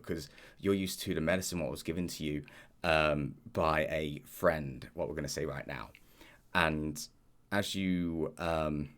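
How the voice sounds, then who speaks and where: A man narrating a tabletop game as game master, relaxed and rambling with many hesitations. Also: low voice.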